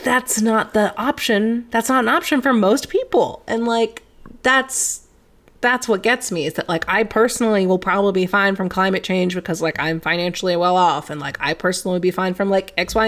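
A woman's voice: medium pitch, fairly quick, a bit bright. A young woman co-hosting a podcast, chatting casually with many fillers, swearing and laughing often. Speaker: podcast co-host. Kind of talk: casual political chat.

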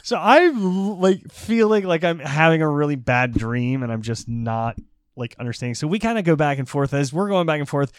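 A man co-hosting a comedy podcast, telling a story in a casual, animated way, laughing and swearing as he goes. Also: on the high side, moderate pace, clean tone, dry recording. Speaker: podcast co-host.

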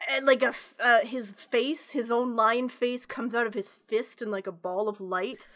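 A woman's voice: a little high, fairly even intonation, unhurried, a bit bright. A young woman co-hosting a casual chat, giggly and chatty with lots of filler words.

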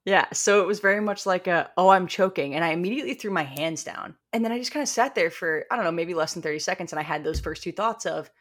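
A woman's voice: on the low side, expressive, fast, hardly any pauses, a bit bright. A young adult woman co-hosting a podcast, telling stories in a rambling, self-deprecating way. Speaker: podcast co-host. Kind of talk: casual chat.

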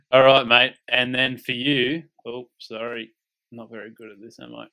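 A young Australian man co-hosting a podcast in a relaxed, joking way, often calling his co-host "mate". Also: medium pitch, clean tone, low-quality recording. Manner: laid-back, says "mate" often, jokey. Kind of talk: casual chat.

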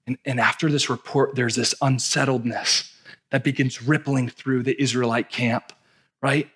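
A man preaching a sermon in an animated, playful way, often repeating words. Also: medium pitch, moderate pace, slightly rough. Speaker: pastor.

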